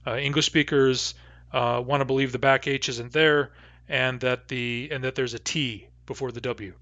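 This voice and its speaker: Male language teacher, mid-pitched, careful sound-by-sound delivery, muffled lo-fi dry audio. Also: steady tone, fairly bright tone, no room sound. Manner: slow, careful modelling of sounds with many fillers. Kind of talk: recorded pronunciation lesson. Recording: dull lo-fi dry recording.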